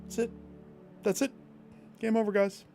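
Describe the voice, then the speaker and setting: A man streaming a video game, thinking out loud and talking to himself and his viewers as he plays. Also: high voice, fairly even intonation, moderate pace, creaky, faint music behind. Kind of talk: gameplay commentary.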